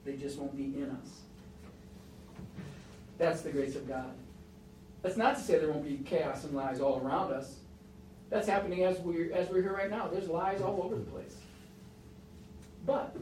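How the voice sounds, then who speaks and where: A man preaching a sermon, telling a story with emphatic rises and soft, hushed moments. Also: fairly high pitch, normal speed, pauses often, a little hiss or hum. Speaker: pastor. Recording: roomy echo, mic at a distance.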